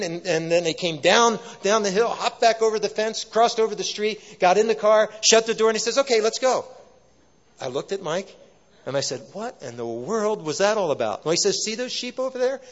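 An earnest pastor with a fairly high voice preaches a sermon, leaning on repeated phrases for emphasis. The sound is dull and muffled, with a long reverb trailing off his words.

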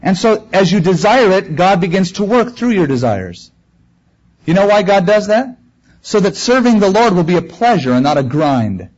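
A man's voice: sits high, very animated, normal speed, darkish tone, muffled recording. A man preaching a sermon to his congregation in a conversational, earnest and plain-spoken way. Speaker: pastor. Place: church room before a congregation.

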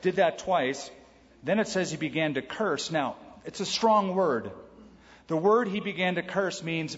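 A man preaches a sermon with a slightly high voice, talking to the room conversationally and dropping in quick quoted lines. The sound is somewhat dull, with a long reverb tail from a large church sanctuary. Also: animated, fairly bright tone. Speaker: pastor.

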